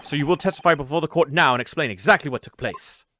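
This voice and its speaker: A man's voice: a little high, expressive, fast, sharp tone, faint music behind, voice pushed up. A man voicing a cold, threatening young male prosecutor with a cool, cutting delivery. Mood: menacing.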